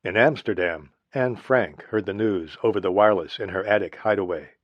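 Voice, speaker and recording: A man narrating a history audiobook in a steady, measured reading. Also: fairly low pitch, no echo. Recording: dry, slightly dull lo-fi recording.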